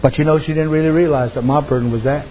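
A man's voice: fairly high pitch, fairly even intonation, fast talker, dull audio, a little hiss or hum. A man preaching a sermon in a folksy, colloquial storytelling way.

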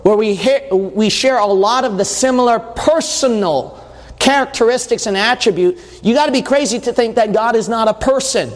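High-pitched guy preaching in a church, emphatic, repeats himself a lot, big echoey hall. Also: moderate pace. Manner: emphatic, repeats points, conversational asides. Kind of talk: sermon. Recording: long hall reverb.

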